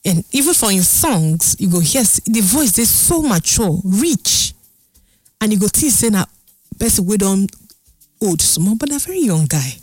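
A woman's voice: medium pitch, sing-song, unhurried, a little mellow, slightly rough, no room sound, faint music behind. An older woman with a Nigerian accent talks in a casual, chatty storytelling way, mixing in Pidgin and laughing often. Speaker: vlogger.

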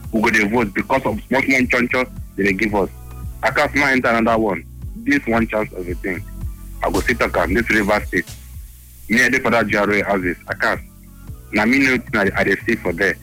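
A man's voice: on the low side, a little fast, bright, forceful tone, soft background music, rough recording. A man with a Nigerian Pidgin accent calling into a radio talk show, making a passionate, repetitive complaint. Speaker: radio phone-in caller.

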